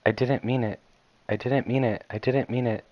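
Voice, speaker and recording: Brief: man playing a timid bookish girl, quiet and breathless-soft, stammering pleas, dry close sound. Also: mid-range voice, moderate pace, dry recording, highs cut off, natural voice. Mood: anxious. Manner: hushed, pleading, stammering. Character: shy anxious young female bookworm.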